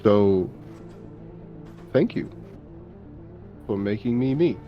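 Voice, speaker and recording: A man voicing an ancient male hero who speaks earnestly and halting, searching for words. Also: fairly low pitch, animated. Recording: dull lo-fi audio, faint music.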